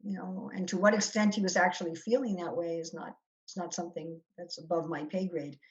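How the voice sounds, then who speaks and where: A woman's voice: fairly low pitch, fairly even intonation, fairly quick, lo-fi sound. Thoughtful woman teaching on a video call. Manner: thoughtful, repeats and restarts phrases. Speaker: spiritual teacher leading scripture discussion.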